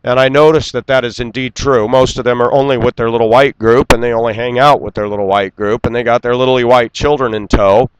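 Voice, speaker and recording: American man, mid-pitched, dry close sound, blunt scornful vlog rant outdoors. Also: fairly even intonation, brisk, hardly any pauses, clear, resonant tone, no echo, low-quality recording. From United States. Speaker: vlogger. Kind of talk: ranting monologue to camera.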